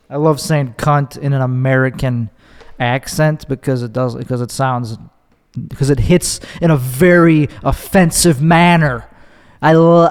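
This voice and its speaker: A man's voice: fairly high pitch, clean tone, in a large hall. A man hosting his own podcast, delivering a rambling, profane, sardonic comedic monologue that keeps cutting itself off. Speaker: podcast host.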